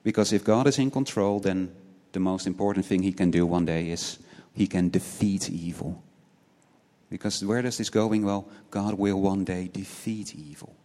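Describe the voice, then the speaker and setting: Low-voiced male preacher in a reverberant hall. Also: moderate pace, warm tone. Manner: asks many rhetorical questions, tagging points with "right?"; earnest, repeats words as he restarts. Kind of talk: sermon.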